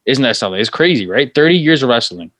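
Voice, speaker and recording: A man's voice: mid-range voice, animated, fast talker, a bit bright, dry recording. A man co-hosting a casual wrestling podcast, recapping matches play-by-play. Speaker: podcast co-host. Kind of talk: casual chat.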